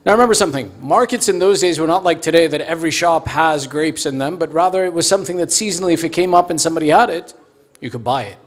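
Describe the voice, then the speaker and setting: Man, story sermon, animated, higher-pitched voice. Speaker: speaker at a mosque fundraiser.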